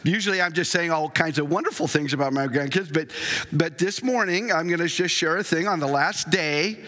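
An older man preaches a sermon to a congregation, chatting his way through it with restarts and little chuckles. His voice sits high and bright. It rings out with the long reverb of a church hall. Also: moderate pace. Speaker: pastor. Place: church sanctuary.

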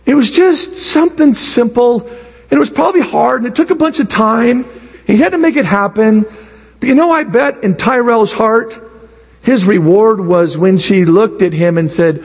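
A male pastor preaching a sermon in an animated way, acting out the voices of the people he quotes. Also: very high voice, moderate pace, husky. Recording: long reverb in a hall.

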